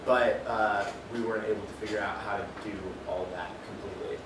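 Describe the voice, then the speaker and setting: A man's voice: lowish voice, steady tone, a little fast. A young man giving a student class presentation and demo in a casual, hesitant way, full of fillers. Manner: casual, hesitant, many fillers, chuckles at glitches. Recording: distant mic with clear background noise.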